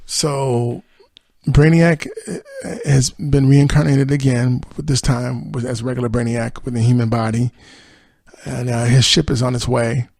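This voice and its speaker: A man talks through a TV episode as a podcast host, chatty and loose, full of "you know"s. His voice is gravelly and a bit husky. The sound is dry and close. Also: mid-range voice, fairly even intonation, a little slow, a little mellow, no echo. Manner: chatty, many fillers, quotes characters in his own voice. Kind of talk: casual episode recap.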